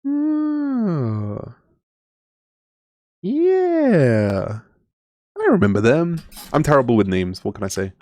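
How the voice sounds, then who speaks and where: A man's voice: medium pitch, sing-song, fast talker, hardly any pauses, darkish tone, dry recording. Laid-back young male streamer, dry sound. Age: 20s. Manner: laughs often, rambling with many fillers. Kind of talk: casual live-stream chat.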